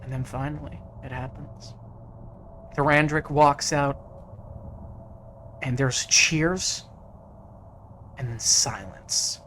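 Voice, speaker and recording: A man narrating as game master, unhurried and dropping in frequent fillers. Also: medium pitch, steady tone, fairly bright tone, a little hiss or hum.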